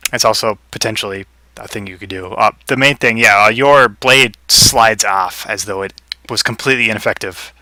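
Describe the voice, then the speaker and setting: Man game master, easygoing, filler-heavy, very bright tone, dry close sound. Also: fairly low pitch, normal speed, no echo. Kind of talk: narrating a tabletop game.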